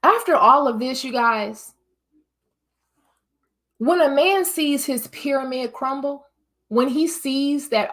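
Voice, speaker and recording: A high-pitched woman from the United States hosts her own vlog. She talks straight to her viewers in an emphatic, preachy way. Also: expressive, unhurried, fairly bright tone. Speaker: vlog host. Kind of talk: casual opinion monologue.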